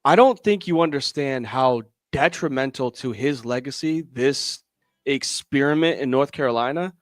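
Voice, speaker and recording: A man co-hosting a casual sports podcast, animated and often exasperated. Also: mid-range voice, moderate pace, dry recording, studio quality. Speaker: podcast co-host.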